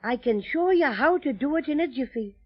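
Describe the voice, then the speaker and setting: Cheery little irish teddy bear, highish voice, old muffled radio sound. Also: male voice, animated, fairly quick. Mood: friendly. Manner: lilting, cheery, says "me" for "my". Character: small teddy bear, male, friendly and playful. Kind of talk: 1930s radio drama. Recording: dull old radio recording.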